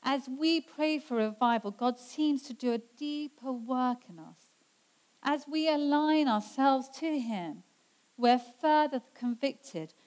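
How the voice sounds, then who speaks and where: A woman preaching a sermon, her voice sitting slightly high. She speaks with earnest conviction and slows down to stress the scripture passages. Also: rough recording. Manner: earnest, slows down for emphasis when quoting scripture.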